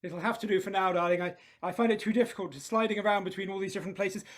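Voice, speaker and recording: A man's voice: high-pitched, steady tone, fast talker, lightly acted. A man doing a smug darling-saying husband. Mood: breezy. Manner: breezy, faux-British, says darling constantly. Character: smooth, smug husband calling everyone darling. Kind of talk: live improv comedy. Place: live stage show.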